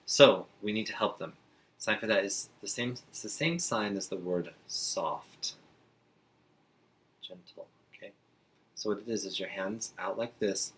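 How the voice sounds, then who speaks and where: A man teaching beginner sign language to parents in a friendly, chatty way, slowing down while he demonstrates signs. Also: fairly low pitch. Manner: relaxed, chatty, with frequent fillers and slow demonstrating passages. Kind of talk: friendly instructional talk to parents.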